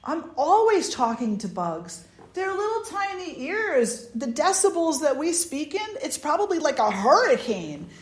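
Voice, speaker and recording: A woman leading a satsang as a spiritual teacher, giving an informal talk full of anecdotes, animated and chatty, often laughing and restarting her sentences. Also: sits high, unhurried. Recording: roomy echo.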